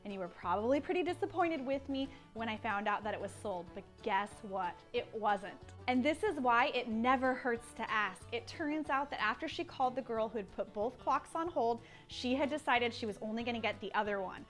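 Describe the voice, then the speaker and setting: A woman reselling vintage goods, chatting in a casual vlog, excitable and quick to get emotional. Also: a little high, faint music behind. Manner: excitable and gushing, easily emotional. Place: small vintage shop indoors.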